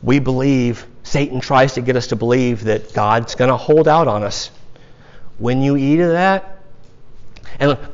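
Guy pastor preaching casual like he's just talking to folks, kinda muffled lo-fi audio. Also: mid-range voice. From United States. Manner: conversational preaching, with asides and sung snippets. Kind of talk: sermon.

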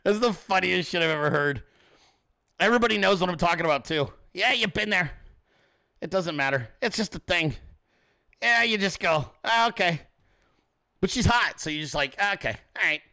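A man in his forties hosting a show, telling stories in a swearing, animated rant. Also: sits high, brisk, gravelly. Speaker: show host. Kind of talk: profane ranting monologue.

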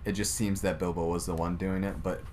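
A man's voice: low voice, level tone, a little fast, a little mellow, slight background noise. Giggly young man in casual chat. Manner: rambling, giggly, trails off into laughs. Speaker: co-host sharing trivia. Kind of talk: casual podcast chat among friends.

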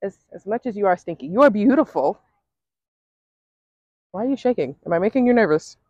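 A woman's voice: mid-range voice, lively intonation, fairly quick, no echo, highs cut off. A woman co-hosting a casual vlog outdoors at a petting farm, gushing and cooing over the animals. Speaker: vlog co-host. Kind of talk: casual chat.

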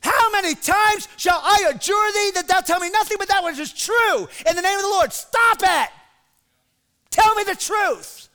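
A male preacher acting out an angry ancient king who shouts his demands. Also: very high-pitched, moderate pace, pitched above the performer's own voice. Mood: angry shouting. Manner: shouting, insistent.

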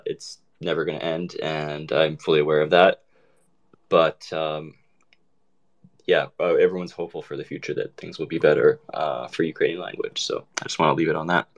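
A man with a very deep voice chats casually in an online audio room. He talks hesitantly, pausing often with fillers and restarting his sentences. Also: level tone, lo-fi sound. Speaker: participant in an online audio chat. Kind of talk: casual group conversation.

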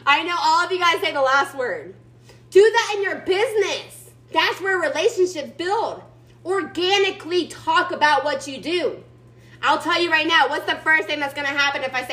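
A woman's voice: sits high, normal speed, bright, forceful tone, poor audio. A woman giving her team a chatty, emphatic motivational pep talk over a video call, sassy and calling everyone y'all. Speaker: team leader speaking to her sales team.

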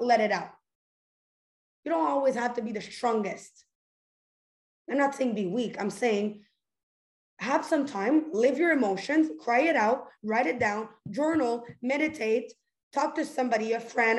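A young woman hosting a casual motivational talk, goofy and earnest, talking in a loose stream full of "like" and restarts. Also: fairly high pitch. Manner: goofy, chatty, earnest, fillers like "like". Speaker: host. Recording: echoey room.

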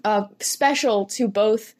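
A woman chatting casually, retelling a story in an animated, rambling way with lots of laughter. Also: medium pitch, slow. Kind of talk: casual chat.

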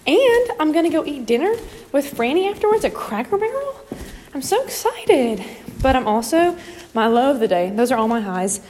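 A young woman recaps her day into her phone, chatty and rambling, with a steady stream of "like" and "um." Her voice sits a bit high. Faint car noise hums behind her as she talks from a parked car. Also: fairly quick. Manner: chatty, rambling, many fillers and "like"s. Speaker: vlogger. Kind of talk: casual diary vlog.

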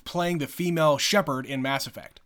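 A man co-hosting a podcast, his voice a bit higher than most men's. He talks in an easygoing, casual way and now and then drops a swear word. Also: moderate pace. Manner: relaxed, laid-back, sometimes swears. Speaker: podcast co-host. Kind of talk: casual chat.

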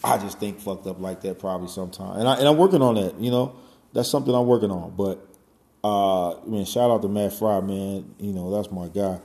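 A man in his forties with a fairly low, gravelly, warm voice talks fairly quickly in a loose, wandering monologue. Profanity and fillers such as "you know" and "man" pepper his speech, and the room sounds spacious.

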